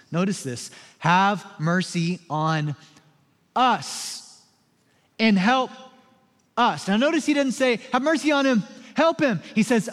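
A man preaching a sermon as pastor, moving from soft, low, slow passages to loud, emphatic ones in a conversational way. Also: long reverb tail.

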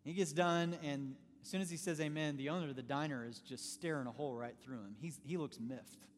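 A man preaching a sermon, telling a story with lively storytelling and shifts in pace. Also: fairly high pitch, brisk, long reverb tail.

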